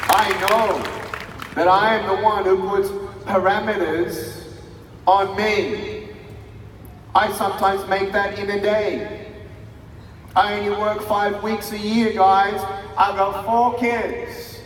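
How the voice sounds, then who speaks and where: A man in his thirties giving an emphatic motivational speech to a live audience, calling for responses and shouting key lines. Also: high voice, little pitch movement, slow, long pauses. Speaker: motivational speaker. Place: large hall with a live audience. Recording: echoey hall, distant mic, crowd noise.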